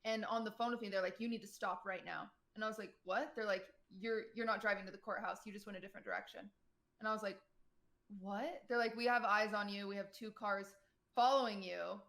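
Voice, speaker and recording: A young woman streamer telling a personal story to her chat in a casual, animated way, full of fillers and quoted voices. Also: mid-range voice, brisk. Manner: animated retelling, quotes people, many "like" fillers.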